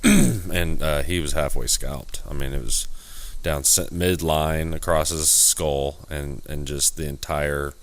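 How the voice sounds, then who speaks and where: A man's voice: very deep voice, slow pace, vocal fry. A man co-hosting a podcast, chatting casually, swearing freely and jumping in with details. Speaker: podcast co-host. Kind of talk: casual chat.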